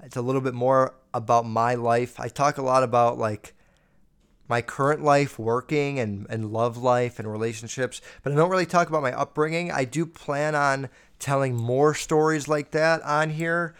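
A man's voice: medium pitch, fairly even intonation, moderate pace, clear, resonant tone. A man in his early twenties hosting his own podcast, telling a family story in a rambling, swearing, casual way that heats up as he retells the argument. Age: 20s. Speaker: podcast host.

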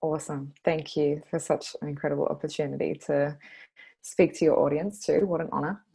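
A woman in her twenties with an Australian accent, a guest talking casually on a podcast, earnest and quick to laugh. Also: deep voice, steady tone, creaky, warm tone, husky. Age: 20s. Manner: earnest, laughs often, speaks slowly when stressing a point.

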